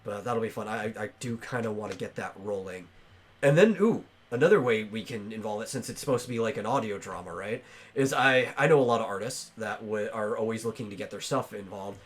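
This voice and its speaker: A man with a fairly low voice hosts a casual podcast, chatting loosely. He rambles, restarting his sentences and filling pauses as he goes. He speaks into a home microphone on an online call. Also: expressive, breathy edge. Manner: rambling, lots of fillers and restarts. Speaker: podcast host.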